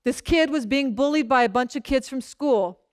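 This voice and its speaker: A woman pastor preaches a sermon like she's telling a story, often checking in with the congregation. She speaks at a moderate pace and acts out short bits of dialogue in a lowered voice. The recording is dry and studio quality.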